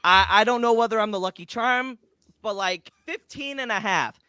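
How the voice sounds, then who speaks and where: A man co-hosting a casual sports podcast, excitable and prone to stammering restarts. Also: sits high, normal speed, clean tone, dry recording. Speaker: podcast co-host.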